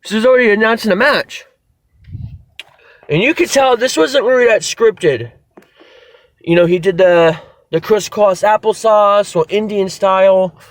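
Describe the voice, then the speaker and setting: A man with a high voice gives an excited, rambling wrestling review, full of restarts and casual swearing. His voice is close and dry, with no room sound around it. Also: a little slow, pauses often, no room sound.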